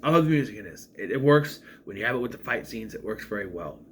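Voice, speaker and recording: A man's voice: fairly low pitch, lively intonation, fast, a bit bright, a little hiss or hum. A man giving a casual, rambling spoken film review, with frequent restarts and asides. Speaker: movie reviewer.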